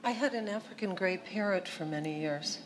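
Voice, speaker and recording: A woman's voice: fairly low pitch, brisk. A woman novelist on a panel, telling stories in a wry, self-mocking way. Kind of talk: casual panel talk. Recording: echoey hall, audience noise.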